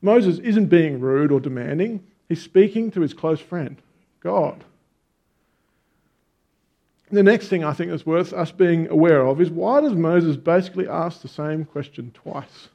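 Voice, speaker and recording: Man, sermon, fairly high voice, dull lo-fi sound, chatty and emphatic. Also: measured pace, vocal fry. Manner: conversational, animated storytelling with emphatic stresses. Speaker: preacher.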